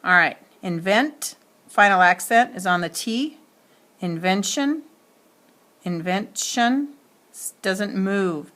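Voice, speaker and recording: A woman's voice: mid-range voice, lively intonation, slow, sharp tone. A woman teacher giving a spelling lesson, speaking carefully and spelling words out letter by letter.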